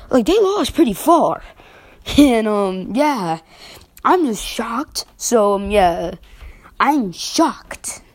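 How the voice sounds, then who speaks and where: Young female vlogger, unhurried delivery, rambling exasperated sports rant. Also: medium pitch. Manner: rambling, exasperated, self-interrupting with fillers and laughs. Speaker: basketball vlogger. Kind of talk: casual sports commentary vlog.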